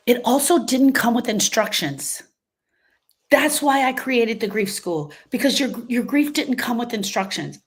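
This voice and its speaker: Woman grief coach going live, breathy voice, keeps repeating herself for emphasis. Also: fairly high pitch. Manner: emphatic, repeats phrases, acts out quoted voices. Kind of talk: motivational live talk.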